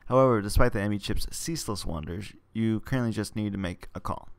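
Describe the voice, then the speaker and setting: A man's voice: on the low side, quick pace. A man reading a text adventure game aloud in a casual way, stumbling and tossing in joking asides.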